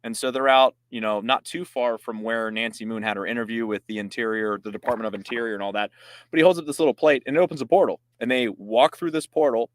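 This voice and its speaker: A man co-hosting a casual podcast, relaxed, retelling scenes from a comic and laughing easily. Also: medium pitch, quick pace, dry recording. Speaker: podcast co-host.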